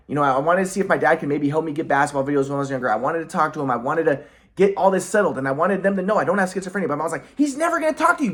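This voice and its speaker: A man's voice: high voice, a bit bright. A man in a rambling personal monologue who sounds aggrieved, often restarts his sentences, and swears. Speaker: vlogger.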